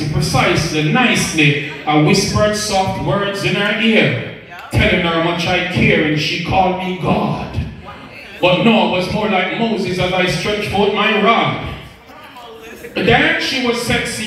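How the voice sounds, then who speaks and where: A man's high, slightly bright voice carries a preacher-like, rhythmic and rhyming recitation of spoken word poetry on a radio broadcast. He sounds far from the microphone, and the audio has an echo.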